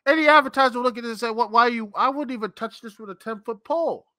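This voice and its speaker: A man's voice: very high-pitched, very fast, pushed and bright, dry recording, studio quality. A man hosting a live-stream show, ranting in an exasperated, rambling, sarcastic way. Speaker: podcast host. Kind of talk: live-stream commentary rant.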